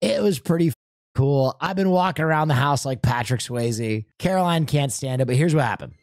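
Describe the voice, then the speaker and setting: A male streamer telling a story in casual chat, animated and profane, acting out sounds. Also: mid-range voice, fairly quick, no echo, studio quality.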